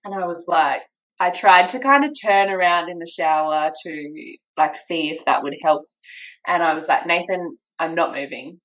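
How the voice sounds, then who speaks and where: A young woman with an Australian accent, casually telling a story as a podcast guest, animated and full of quoted voices and laughter. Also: fairly low pitch, normal speed, lo-fi sound.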